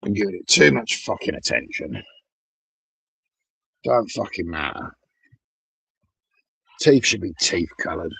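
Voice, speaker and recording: A man's voice: low voice, big pitch swings, measured pace, gravelly, pauses often, sharp tone, breathy edge, dry recording, low-quality recording. A middle-aged man, ranting alone to camera in a blunt, sweary, sardonic way. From Britain. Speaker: vlogger. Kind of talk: profane solo rant.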